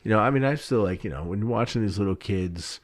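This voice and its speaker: A man guesting on a podcast, telling animated stories bluntly and swearing freely, with a New Jersey accent. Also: on the low side, fast, no room sound. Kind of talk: casual chat.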